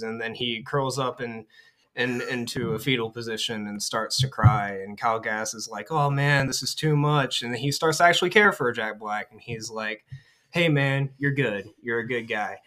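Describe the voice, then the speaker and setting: A man's voice: medium pitch, bright, forceful tone. Rambling man recapping a movie. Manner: rambling, lots of fillers, quotes characters in quick voices. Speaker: podcast host.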